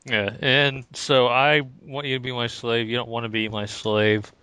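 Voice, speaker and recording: A man bantering on a podcast, quick with jokes and laughing easily. His voice is bright and forward, and the recording is dry and close. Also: medium pitch, little pitch movement, clear, resonant tone, no room sound. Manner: joking, laughs often. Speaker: podcast co-host. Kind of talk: casual banter.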